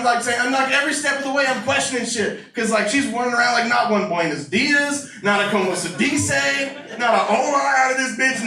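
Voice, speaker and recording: Brash, profane man doing stand-up. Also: high-pitched. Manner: profane, brash, riffing with the crowd. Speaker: stand-up comedian. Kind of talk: stand-up comedy set. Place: comedy club stage. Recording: roomy live club recording from a distance. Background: audience laughter and room ambience.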